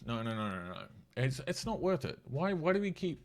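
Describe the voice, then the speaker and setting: A man's voice: medium pitch, big pitch swings, brisk. An Australian man with a cold giving blunt, sweary, mocking commentary in a casual political rant. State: has a cold.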